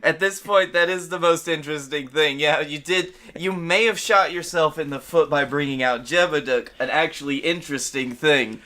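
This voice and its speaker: A man's voice: a little high, bright, forceful tone. A man co-hosting a comedy podcast, riffing with stop-start questions and mock-interview bits. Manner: quick, halting questions, playing a mock interviewer. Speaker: podcast co-host. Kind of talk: improvised comedy banter.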